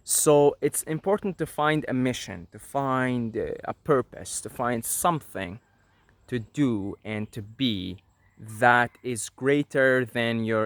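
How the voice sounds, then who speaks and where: A man's voice: mid-range voice, no room sound. A man hosting a spiritual teaching video, talking earnestly to camera and repeating points for emphasis. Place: apartment at night.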